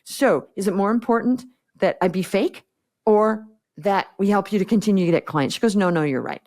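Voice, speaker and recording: A woman's voice: mid-range voice, fairly quick, darkish tone. A woman business coach talks as a guest on a podcast. She is blunt and direct, with a mid-range voice, and she acts out the exchanges she retells. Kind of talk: podcast interview conversation.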